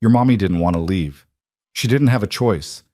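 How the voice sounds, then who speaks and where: A man with a low, dry-recorded voice voicing a gentle, earnest young businesswoman in a read-aloud story. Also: normal speed, no room sound, lightly acted. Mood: tender. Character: caring young adult businesswoman, gentle and steady. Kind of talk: storybook reading.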